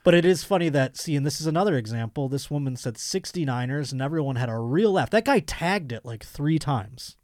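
A podcast host, a man with a fairly high voice, jokes and swears his way through loose banter, his pitch swinging widely. The sound is dry and close, with no room in it. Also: brisk, few pauses, dry recording. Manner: profane, joking, animated. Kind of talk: casual comedic chat and host-read ad.

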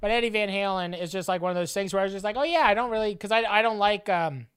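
A woman's voice: mid-range voice, fairly even intonation, quick pace, smooth. A woman co-hosting a podcast in casual chat, rambling and profane with lots of "like". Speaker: podcast co-host.

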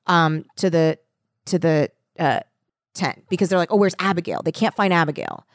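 Lowish woman voice, animated recap, quoting everyone, dry mic. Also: normal speed, no echo. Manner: animated retelling, acts out quotes. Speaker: podcast co-host recapping a show. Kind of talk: casual chat.

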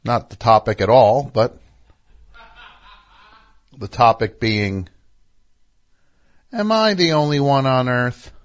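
A male radio host fielding callers with dry, teasing sarcasm. His voice sits at a plain middle pitch, and he delivers it in an offhand, conversational way. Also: slow, long pauses. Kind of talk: casual call-in talk.

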